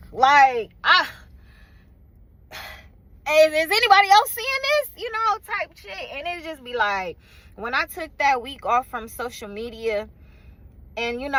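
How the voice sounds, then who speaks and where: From her car, a woman who vlogs and owns a small business vents in a casual, rambling rant, weary and frustrated, swearing freely and leaning on fillers. Her voice is on the high side and fairly bright, and the audio is poor.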